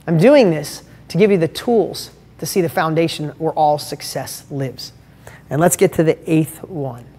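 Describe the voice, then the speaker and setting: A man's voice: a little high, moderate pace, dark tone. A middle-aged man hosts a motivational live stream, talking straight to his listeners. He speaks in an emphatic, heartfelt way and keeps pressing them with rhetorical questions. His voice trails off into a long, reverberant room sound. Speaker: host.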